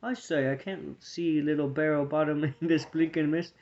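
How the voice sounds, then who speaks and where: A man's voice: fairly high pitch, level tone, normal speed, a little mellow, muffled recording, lightly acted. A man voicing a jolly, lanky young male hare with a plummy, upper-crust manner, reading a storybook aloud. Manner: plummy, ends with "what".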